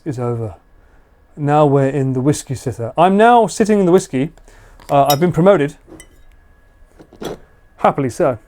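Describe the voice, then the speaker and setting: A man's voice: mid-range voice, mellow. A man casually chatting with viewers during a live stream, joking and laughing often. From United Kingdom. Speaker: livestreamer. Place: house.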